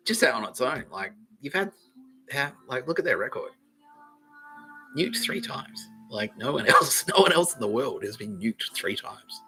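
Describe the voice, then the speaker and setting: Ranting man, bright voice. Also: mid-range voice, moderate pace, long pauses, soft background music. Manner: profane, animated, ranting, laughs often. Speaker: podcast host. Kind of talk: rambling solo podcast monologue.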